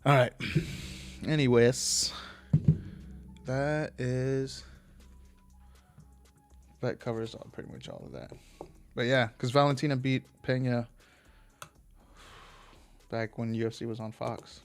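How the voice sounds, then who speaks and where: A man's voice: medium pitch, lively intonation, slow pace, pauses often, soft background music. A man hosting a casual solo podcast, rambling from tangent to tangent and swearing freely. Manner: rambling, profane, digressive. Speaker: podcast host.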